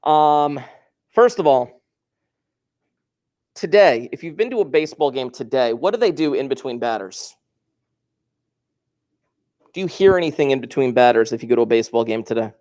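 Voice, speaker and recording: A man's voice: mid-range voice, expressive, normal speed, pauses often, a little mellow. A male teacher talks casually to his class, wandering off into stories and asking the students questions. He moves around the classroom as he talks, so his voice sometimes drifts away from the microphone. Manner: chatty, digressive, asks the class questions. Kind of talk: classroom lecture, storytelling.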